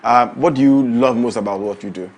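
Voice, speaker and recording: A man's voice: medium pitch, a little fast, a little hiss or hum. A man hosting a morning show, announcing events and chatting with a guest. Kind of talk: upbeat morning show presenting and interviewing.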